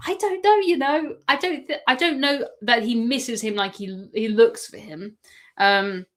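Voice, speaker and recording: A woman's voice: on the high side, measured pace. An English woman chatting casually on a live stream, answering viewer questions and laughing often. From England. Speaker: cruise live-stream host.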